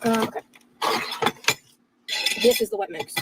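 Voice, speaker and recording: A woman's voice: unhurried, very noisy. A woman streaming herself cooking, talking offhandedly while she multitasks. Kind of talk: casual cooking livestream talk. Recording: kitchen clatter of cutlery behind.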